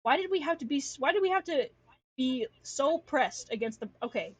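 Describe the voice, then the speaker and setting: A woman's voice: high voice, animated, a little fast, no room sound. A young woman from Alaska rambling casually on a livestream, slangy, self-deprecating and swearing freely, speaking at home at her computer. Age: young adult. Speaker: streamer. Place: home room.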